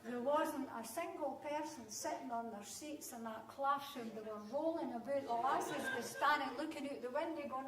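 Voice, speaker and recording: A Scottish woman in her sixties telling a comic story to a live audience with lively, animated delivery. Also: high voice, normal speed, a crowd in the background. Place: conference hall. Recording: roomy hall sound, distant mic.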